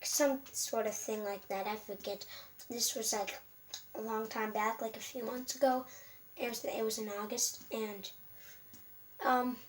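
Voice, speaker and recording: A woman tells a casual storytime with a fairly high voice. She rambles, restarts her sentences and leans on fillers. She sits back from the mic, with a faint hum behind her. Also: steady tone, moderate pace. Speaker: vlogger. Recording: voice from a distance with faint background hum.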